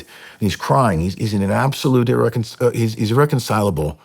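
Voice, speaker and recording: A middle-aged man speaking as a podcast guest, telling an emotional personal story in an earnest, halting way with many fillers and restarts. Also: fairly low pitch, expressive, a little mellow, slightly rough. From United States.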